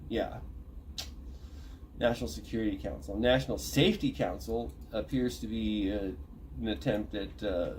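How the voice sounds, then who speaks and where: A man's voice: lowish voice, moderate pace, darkish tone, a little hiss or hum. A man reading a list aloud from an online thread, breaking off to comment, look terms up and correct himself. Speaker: channel host reading a thread.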